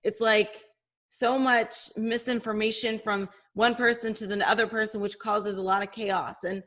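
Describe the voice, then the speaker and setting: A woman co-hosting a fitness podcast, talking in sympathetic, halting casual chat. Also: medium pitch, level tone, fairly bright tone. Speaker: podcast co-host.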